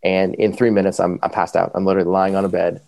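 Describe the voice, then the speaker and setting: Fast-talking low gravelly man. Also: no echo. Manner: animated, quick, full of fillers. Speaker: podcast guest. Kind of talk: casual storytelling.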